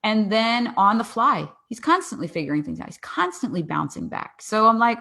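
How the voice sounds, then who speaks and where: A woman in her forties, a podcast guest, telling a family story in a lively way, acting out dialogue and often laughing. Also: medium pitch, moderate pace, creaky, few pauses. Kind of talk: casual interview storytelling.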